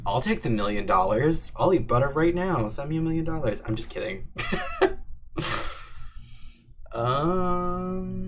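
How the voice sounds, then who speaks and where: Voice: mid-range voice, a bit bright, a little hiss or hum. A young adult livestream host in casual Q&A chat, reading questions and answering in a playful, jokey, teasing way with frequent laughs.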